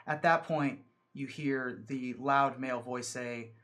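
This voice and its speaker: A man narrating a tabletop game as dungeon master, halting and thoughtful, with many fillers. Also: medium pitch, fairly bright tone.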